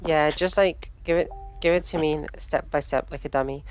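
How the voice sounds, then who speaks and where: Low-voiced, tired woman. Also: fairly even intonation, normal speed, a little mellow, soft background music. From South London. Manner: tired, hesitant, thinking aloud. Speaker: stream host and teacher. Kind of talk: casual chat while gaming.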